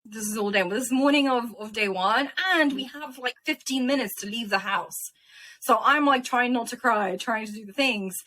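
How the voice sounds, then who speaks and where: Young woman from ukraine, guest on an interview, bright sharp voice, emotional lively storytelling. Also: a little high. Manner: animated, emotional retelling with quick laughs.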